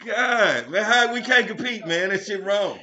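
A man with a high, bright, cutting voice tells crude stories on a casual podcast. He is loud and profane and laughs his way through each tale, and the lo-fi recording sounds dull and muffled. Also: measured pace. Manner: loud, profane, animated storytelling with frequent laughter. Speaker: podcast co-host. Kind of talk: casual comedic chat.

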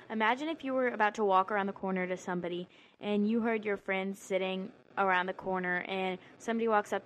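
Earnest young-sounding woman podcast host. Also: mid-range voice. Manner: earnest, many "like" fillers. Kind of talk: casual faith talk.

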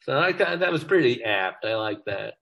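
A man's voice: medium pitch, sing-song, moderate pace, vocal fry, a bit bright, muffled recording. An older man, a comedy writer as an interview guest, telling self-deprecating stories in casual chat. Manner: self-deprecating, joking storyteller.

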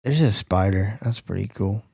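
A man co-hosting a casual podcast, easygoing and quick to laugh. His voice sits fairly low. It is recorded dry and close. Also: gravelly, dark tone, husky, dry recording. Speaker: podcast co-host. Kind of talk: casual chat, impression game.

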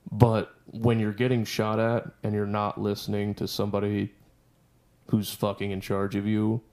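A man's voice: fairly low pitch, completely flat delivery, moderate pace, darkish tone. A man telling a heated army story on a podcast, swearing constantly and ranting. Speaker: podcast guest. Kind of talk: casual storytelling.

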